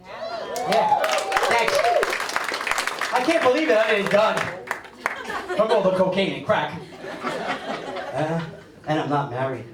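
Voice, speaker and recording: A man, doing a stand-up comedy set on a club stage with animated storytelling and big pitch swings for punchlines. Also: measured pace, pauses often. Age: 50s. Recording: echoey club audio, mic a bit distant, loud crowd laughter.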